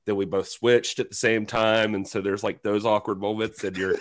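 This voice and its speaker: Low-voiced man telling rambling stories. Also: level tone, unhurried. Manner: rambling, self-deprecating, acts out quotes. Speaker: guest. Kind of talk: casual storytelling chat.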